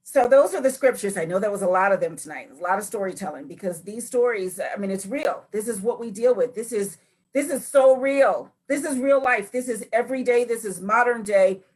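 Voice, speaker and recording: Animated woman leading Bible study. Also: fairly high pitch, brisk, husky. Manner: acts out scripture figures with lively voices.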